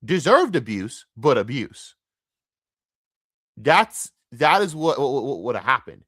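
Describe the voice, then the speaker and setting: A man hosting a podcast, delivering a heated, profane sports rant that swings between loud outbursts and low mutters. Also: lively intonation, slow pace, dry recording, clean studio sound. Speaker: podcast host.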